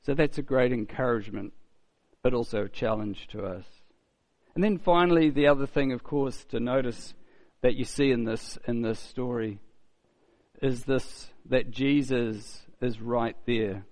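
A man's voice: mid-range voice, unhurried, darkish tone. A man preaching a sermon in a conversational, storytelling way, often asking rhetorical questions and repeating key phrases.

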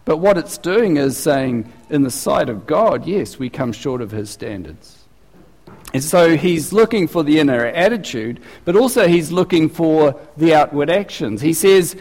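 A man's voice: a little high, lively intonation, normal speed, a little mellow, in a large hall. A man preaching a sermon as pastor, chatty and asking his congregation questions. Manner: conversational, asks the congregation questions.

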